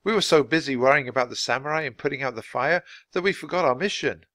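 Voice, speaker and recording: A man's voice: medium pitch, fast talker, a bit bright, no echo, close to an everyday voice. A man voicing a thoughtful, cautious young boy in a storybook reading. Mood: earnest.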